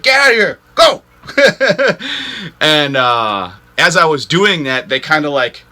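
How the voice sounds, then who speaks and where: Bright-voiced man telling a rambling story. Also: medium pitch. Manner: rambling, animated, heavy use of "like". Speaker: ice fishing channel host. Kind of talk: casual storytelling to camera.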